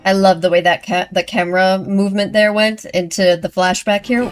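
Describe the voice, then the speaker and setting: Woman, movie reaction host, casual, gushing, excitable, mid-pitched voice, faint film music behind. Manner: excitable, gushing, quick to apologize. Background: movie audio playing.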